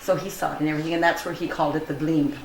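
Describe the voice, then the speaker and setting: An older woman telling a personal story in an interview, earnest and animated, acting out the dialogue she quotes. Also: low-pitched, rapid-fire. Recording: roomy echo, faint ambient noise.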